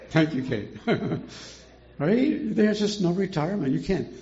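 Older man teaching with a gravelly voice. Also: high voice, animated, slow, warm tone, highs cut off. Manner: chatty, rhetorical questions, chuckles often. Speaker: Bible teacher. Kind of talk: informal Bible study teaching.

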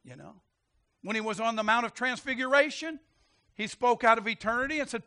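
A man preaching a sermon, animated, quick to laugh and calling out questions to his congregation. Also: very high-pitched. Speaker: pastor.

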